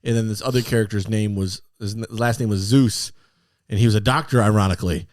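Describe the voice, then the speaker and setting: A man's voice: on the low side, steady tone, fast talker, a little mellow, no room sound, studio quality. A man co-hosting a podcast, telling stories animatedly and laughing often. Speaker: podcast co-host. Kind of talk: casual chat.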